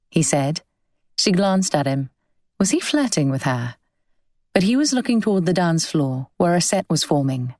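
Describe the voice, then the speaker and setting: Low-voiced woman narrating a novel. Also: animated, normal speed, darkish tone, dry recording. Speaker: audiobook narrator. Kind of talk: scripted audiobook narration.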